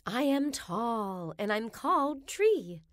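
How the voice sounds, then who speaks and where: A woman reading children's rhymes aloud in a slow, sing-song storybook manner. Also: a little high, very animated.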